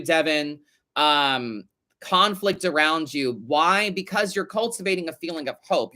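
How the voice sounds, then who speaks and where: Chatty bright-voiced man reading tarot. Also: on the high side. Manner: chatty, animated, swears casually. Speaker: tarot reader host. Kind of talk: casual live-stream tarot reading.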